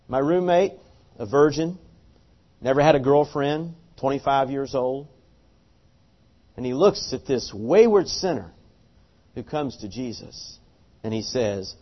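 A man's voice: mid-range voice, unhurried, pauses often. A man preaching a sermon, telling a story earnestly and animatedly, often restarting his words. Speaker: pastor. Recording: dull lo-fi sermon recording.

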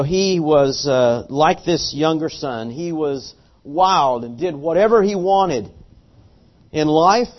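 Male pastor, animated earnest sermon delivery, slightly high voice, dull lo-fi recording. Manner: earnest, animated storytelling with repeated restarts.

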